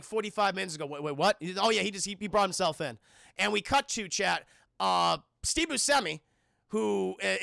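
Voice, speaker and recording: A man's voice: sits high, creaky, no room sound, clean studio sound. A man streaming a casual film recap to his chat, cursing freely and acting out the characters' lines. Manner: animated, profane, acts out quotes, addresses chat.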